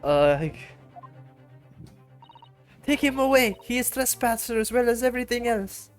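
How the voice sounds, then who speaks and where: A woman's voice: on the high side, animated, a little slow, faint music behind, pitched above the performer's own voice. A woman voicing a haughty woman passenger who hurls dramatic accusations. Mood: indignant.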